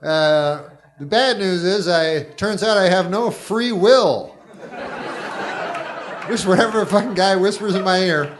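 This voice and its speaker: A middle-aged man delivering stand-up in a flat, deadpan way. His voice sits a little high for a man. He rambles and stops himself with halting asides. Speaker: stand-up comedian. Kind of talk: stand-up routine.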